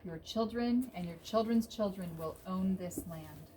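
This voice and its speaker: A woman reading God's promise in a calm, solemn voice for a children's Bible story. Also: mid-range voice, a little slow, a little hiss or hum, close to an everyday voice, poor audio. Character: God promising land to a sleeping man.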